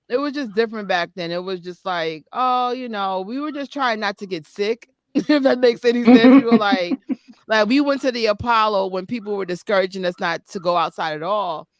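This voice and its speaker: A woman's voice: mid-range voice, moderate pace, smooth, no echo. A woman on a video call from her apartment, talking casually and trailing off as she rambles. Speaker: guest. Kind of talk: casual chat. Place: apartment with background noise.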